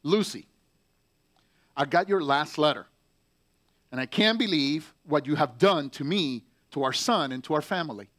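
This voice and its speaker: A man reading aloud the letters of a Marine stationed overseas, slow and heavy with pauses. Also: a little high, expressive, a bit bright. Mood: bitter, furious. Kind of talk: letter read aloud in character.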